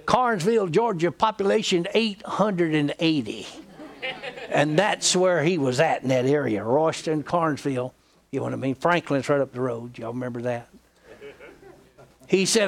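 A man preaching a sermon, his voice sitting a touch higher than most men's. He tells a story in the pulpit, retelling a friend's words, breaking off and restarting mid-phrase as he goes. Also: moderate pace, vocal fry.

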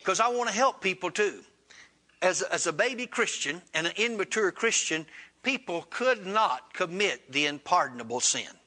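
A man's voice: animated, moderate pace, pushed and bright. A man preaching a sermon, retelling a story in plain, folksy speech and acting out both sides of the dialogue. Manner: retells dialogue with rising pitch, Southern colloquial grammar.

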